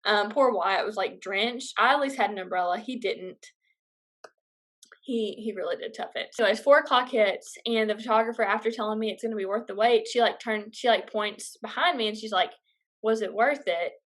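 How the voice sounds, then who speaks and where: A woman's voice: mid-range voice, moderate pace. A young woman vlogger casually telling a personal story, chatty and full of fillers. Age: young adult.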